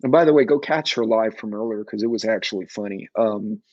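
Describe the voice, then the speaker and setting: A man's voice: lowish voice, fairly quick, a little mellow, dry recording, highs cut off. A man in his forties from New York City, hosting a casual livestream talk show and rambling as he answers viewer chat.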